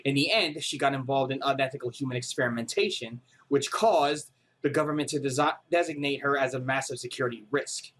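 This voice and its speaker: A man voicing a calm, serious female informant from a game, briefing in a measured, grave way. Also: close to an everyday voice. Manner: measured, grave, low-key. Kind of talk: reading game dialogue aloud.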